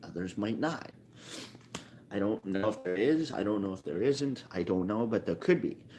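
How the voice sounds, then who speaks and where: Man, lowish voice, casual rambling explainer, self-correcting, faint background hiss. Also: expressive, normal speed, mellow. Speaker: card game video maker.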